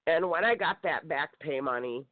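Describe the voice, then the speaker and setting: A woman's voice: deep voice, moderate pace, dry recording. A woman guest telling her personal story in an intense, aggrieved way, heard over a phone line. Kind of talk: personal testimony on a call-in show. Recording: tinny phone-line audio.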